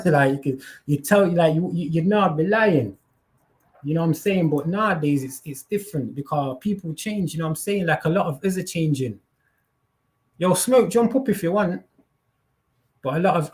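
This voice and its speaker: A man talking casually and at length as host of a live stream, using slang and often repeating himself. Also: on the high side. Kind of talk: casual live chat monologue.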